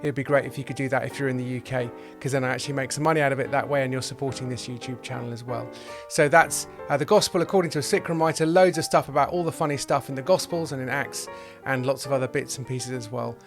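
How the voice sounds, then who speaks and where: A man's voice: medium pitch, quick pace, music in the background. A man hosting a podcast in casual conversation, thinking aloud playfully with restarts. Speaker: podcast host. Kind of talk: casual conversation about comedy and faith.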